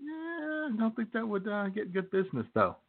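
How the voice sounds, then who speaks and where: A man's voice: high-pitched, wildly swooping pitch, moderate pace. A man co-hosting a radio show, chiming in with short, dry remarks in casual chat. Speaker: radio co-host. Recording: tinny phone-like audio.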